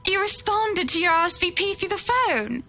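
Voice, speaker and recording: Man doing a very high, genteel young woman. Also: lively intonation, moderate pace, bright, forceful tone, soft background music, heavily acted. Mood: gentle, affectionate. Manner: sweet and genteel. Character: poised, affectionate young woman. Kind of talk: reading game dialogue on stream.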